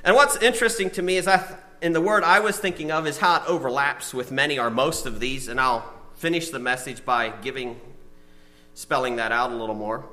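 A man preaching a sermon to a small congregation and listeners, telling stories and reading out lists, swinging between loud emphasis and soft asides. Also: medium pitch. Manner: reads lists of words slowly, one at a time. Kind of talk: sermon with storytelling.

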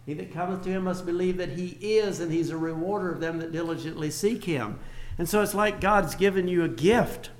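An older man preaching a sermon in a folksy way, repeating his phrases and swinging between soft and loud. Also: sits high, brisk.

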